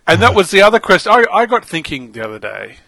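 A man with an Australian accent, co-hosting a casual chat podcast, animated and quick to laugh. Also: sits high, vocal fry, no echo. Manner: animated, laughs often, exclaims. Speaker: podcast co-host.

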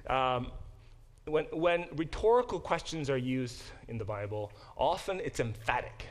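A man's voice: medium pitch, lively intonation, moderate pace. A man teaching a church Bible class in a conversational lecture style, often asking the class questions. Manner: conversational, asks the class questions, many restarts.

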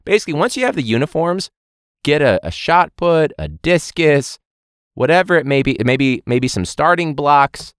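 Animated, sarcastic male podcast host. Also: a little high, dry recording, studio quality. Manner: animated, swearing, sarcastic, laughing mid-sentence. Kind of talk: casual podcast rant.

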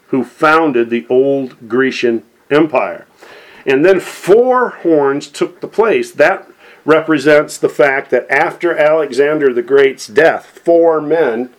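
A middle-aged man preaching on Bible prophecy in a folksy way, often checking in with "okay?" and "amen". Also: mid-range voice.

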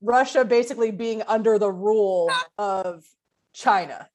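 A woman co-hosting a casual podcast who talks bluntly and fast, swearing as she worries aloud. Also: medium pitch, darkish tone. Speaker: podcast co-host. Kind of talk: casual political chat.

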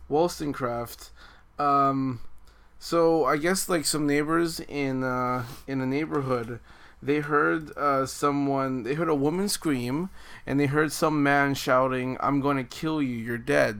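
A man's voice: medium pitch, fairly bright tone, clean tone. A man hosting a casual podcast, retelling odd news stories and swearing freely while he laughs.

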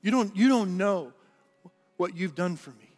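A grateful healed man pours out his thanks in a high, pleading voice, as a male preacher acts him out. The sermon rings through a reverberant hall. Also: measured pace, darkish tone.

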